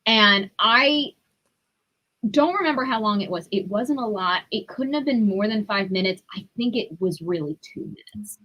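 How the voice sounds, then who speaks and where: A young adult woman, a podcast guest, telling her story in a candid, profane and animated way. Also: medium pitch, moderate pace, lo-fi sound. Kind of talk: casual storytelling.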